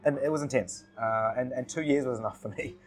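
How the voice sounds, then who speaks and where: Relaxed male podcast guest, mid-pitched, laughs a lot, repeats his words. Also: fast talker. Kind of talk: casual chat.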